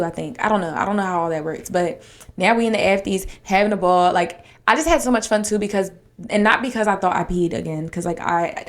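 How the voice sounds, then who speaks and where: A young woman hosting her own podcast, talking casually and candidly with lots of "like" fillers and a lilt. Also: fairly low pitch. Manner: rambling, frequent "like" fillers, candid and emotional. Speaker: podcast host. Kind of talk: casual solo podcast chat.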